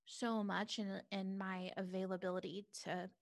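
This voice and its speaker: A woman's voice: mid-range voice, level tone, moderate pace, gravelly. A young adult woman talking candidly and reflectively in a casual conversation, with many filler words. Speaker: guest.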